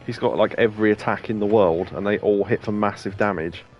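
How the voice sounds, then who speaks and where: Guy rambling through funny stories while gaming, lowish voice, faint game music behind. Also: a little fast, lo-fi sound. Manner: rambling anecdotes, laughs often. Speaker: let's play co-host. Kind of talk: casual chat over gameplay.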